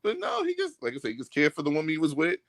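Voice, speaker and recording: A man's voice: on the high side, wildly swooping pitch, rapid-fire, vocal fry, fairly bright tone, no echo. A man with a New York accent, a guest calling in to a casual chat, joking and slangy. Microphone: phone or call audio, camera off.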